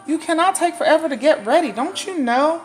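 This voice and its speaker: A woman doing a frantic, squeaky husband. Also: lively intonation, music in the background. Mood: panicked. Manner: frantic, rushing, exclamatory. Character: panicked flustered husband, grown man.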